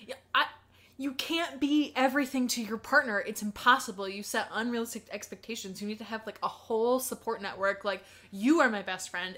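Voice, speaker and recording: A woman's voice: on the high side, bright, forceful tone. Blunt, cursing woman podcast co-host. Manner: blunt, swears freely, quick laughs. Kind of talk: casual chat.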